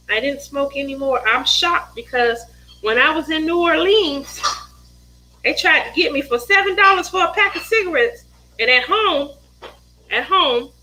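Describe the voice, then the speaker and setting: A middle-aged woman hosting a relaxed craft chat, with a high, bright voice. She tells family stories in an animated way, laughing often and putting on the voices of the people in them. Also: slight background noise, rough recording. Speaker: craft livestream host. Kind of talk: casual chat while crafting.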